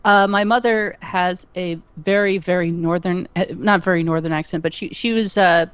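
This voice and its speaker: A woman's voice: lowish voice, fairly even intonation, normal speed, smooth, no echo. A woman from Virginia chatting casually as a co-host on a game stream, rambling and restarting her sentences. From Virginia, United States. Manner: rambling, full of restarts and self-corrections.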